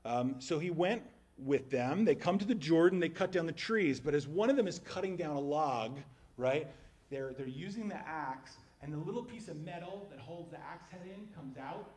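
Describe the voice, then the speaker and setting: A man delivering a sermon in a relaxed, chatty way, with frequent asides as he retells a story. His voice sits a little high and has a husky edge. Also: moderate pace. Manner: conversational storytelling with casual asides. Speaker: preacher.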